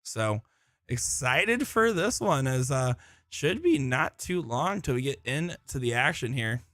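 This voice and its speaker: A man's voice: medium pitch, very animated, unhurried, fairly bright tone, no echo, studio quality. Chatty man calling live darts. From Florida. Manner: chatty, joking, self-deprecating. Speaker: darts commentator. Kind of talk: live streamed commentary. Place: busy indoor tournament hall.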